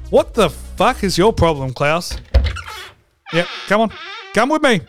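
A man's voice: high voice, sing-song, a little slow, long pauses, soft background music. A man hosting a comedic racing preview vlog, brash, profane and theatrical. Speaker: host.

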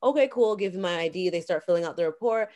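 A woman's voice: lowish voice, fast. Canadian woman telling a wild story. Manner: animated, acts out quoted dialogue. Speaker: guest. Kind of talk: casual storytelling.

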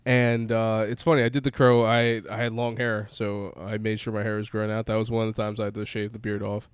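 A man's voice: lowish voice, little pitch movement, a little fast, clean tone, no room sound. A young man in casual chat, telling rambling stories and laughing easily. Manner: rambling storyteller, laughs easily, mimics people in quotes.

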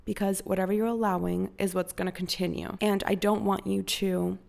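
A young woman from Costa Rica hosts a motivational podcast in a casual, direct way. Her voice carries a strong gravelly fry, and she swears freely while cheering her listeners on. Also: mid-range voice, flat delivery, brisk, a little mellow. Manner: frank and profane, pep-talk tone. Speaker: podcast host.

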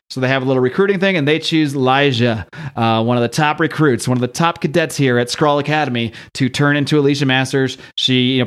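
Fast-talking man recapping comics. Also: medium pitch. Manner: chatty, laughing retelling. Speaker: podcast host. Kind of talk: casual chat recapping a comic.

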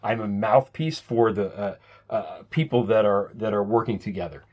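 A man's voice: lowish voice, moderate pace, darkish tone. A man hosting his own podcast, talking casually and chattily, often restarting his sentences. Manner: chatty, self-deprecating, repeats words when restarting. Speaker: podcast host.

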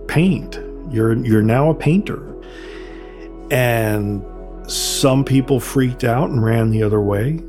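An older man, a graffiti artist telling stories from his career in a relaxed, conversational way. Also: gravelly. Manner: conversational, acts out quotes with raised pitch. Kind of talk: reflective storytelling. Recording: soft music underneath.

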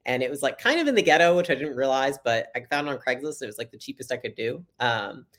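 A woman's voice: very deep voice, expressive. A young adult woman, a podcast guest, telling her story in a casual, chatty interview and acting out the dialogue. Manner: fast, chatty, acts out quoted dialogue.

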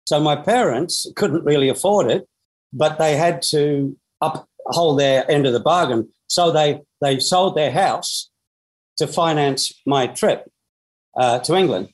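In this low-quality recording, a sixty-something Australian man who used to play football tells his story to an interviewer. His voice is fairly high-pitched and unhurried, and his lively delivery is full of fillers and restarts.

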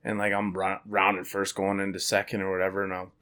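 A man's voice: low voice, completely flat delivery, a little fast, bright, forceful tone. A young man casually chatting and telling stories on a podcast, laughing often. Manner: laid-back storyteller, laughs often. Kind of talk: casual chat.

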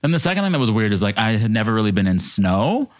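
A man in his thirties, from Texas, telling animated stories in a casual podcast chat and jumping into high voices for the people he quotes. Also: fast talker. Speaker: podcast guest.

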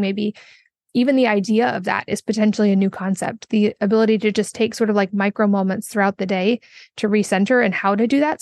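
A woman host on a podcast interview, thoughtful and fluent as she builds long, flowing questions. Her voice sits at a middle pitch and is recorded dry and close, with no room sound. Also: a little mellow, no echo.

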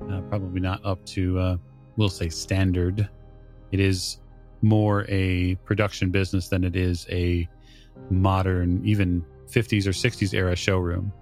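A man narrating scenes as game master of a tabletop role-playing game. He describes things in a measured way, with occasional fillers. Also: low voice, darkish tone.

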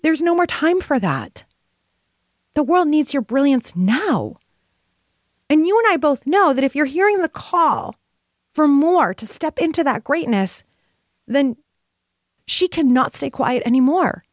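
Impassioned high-voiced woman, dry close sound. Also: expressive, a little slow, pauses often, no echo. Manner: impassioned, emphatic, spiritual. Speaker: podcast host. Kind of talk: motivational podcast monologue.

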